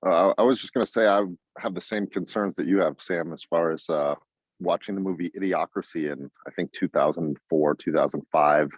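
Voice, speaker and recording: This is a reflective, chatty man speaking on a group video call. His voice sits low, and the sound is close and dry. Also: fairly quick, no echo. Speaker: discussion group member.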